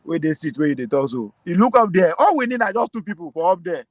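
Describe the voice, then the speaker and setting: A Nigerian man with a high voice chats about politics, lively and laughing, moving between Pidgin and plain English. The sound is dry and close, with no room around it. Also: quick pace, dry recording. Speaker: political commentator. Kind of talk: casual political talk.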